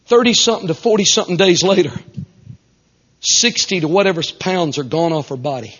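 A man, a traveling Pentecostal preacher telling stories in a fiery revival sermon, fervent and breaking into shouts and whoops. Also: high voice, fairly quick, slightly rough, big-room sound. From South Arkansas. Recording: dull lo-fi recording.

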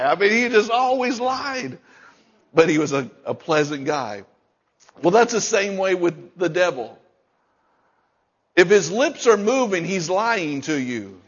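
A man's voice: high-pitched, very animated, a little slow, slightly rough, dull audio. A male pastor preaching a sermon, emphatic and repeating key lines, chuckling between points.

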